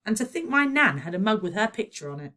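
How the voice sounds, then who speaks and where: Lady doing a cheeky hungry kid, quick and eager, storybook boy voice. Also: medium pitch, very animated, pushed and bright, recorded from a distance, voice pushed up.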